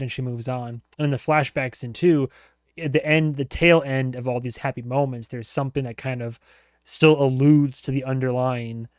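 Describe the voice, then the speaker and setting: A man's voice: mid-range voice, clean tone, dry recording, clean studio sound. A man hosting a reaction video, talking casually and rambling with lots of fillers, laughing often.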